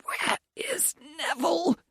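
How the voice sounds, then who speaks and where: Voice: mid-range voice, sing-song, a little slow, creaky, breathy edge, no room sound, studio quality, full character voice. A narrator voicing a frightened, breathless elderly viscount in an audiobook, gasping out his lines. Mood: panicked. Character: panicking, wheezing old male viscount.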